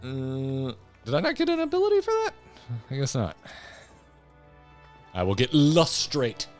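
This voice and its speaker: A man's voice: medium pitch, wildly swooping pitch, measured pace. A man streaming a video game, joking and muttering casual commentary. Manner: joking, mumbling asides, laughs often. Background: faint game music.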